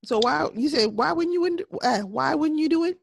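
A woman co-hosting a podcast in casual chat, candid and laughing often, sometimes dropping to a soft voice. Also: high-pitched, lively intonation, moderate pace, gravelly. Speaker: podcast co-host.

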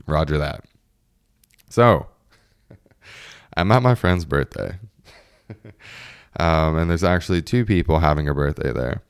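A man's voice: very deep voice, slow, pauses often, clean tone, no room sound, clean studio sound. A young man in his twenties casually telling a story, laughing often and acting out what his friends said.

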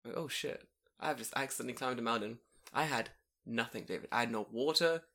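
A young man with a mid-range voice and vocal fry tells a story fast in casual podcast chat. He's animated, swearing and laughing as he goes.

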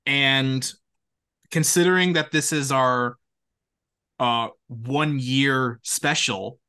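Young male co-host, bright edgy voice, animated casual storyteller. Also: medium pitch, takes it slowly, smooth. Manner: animated, laughing, quotes friends in voices. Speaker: podcast co-host.

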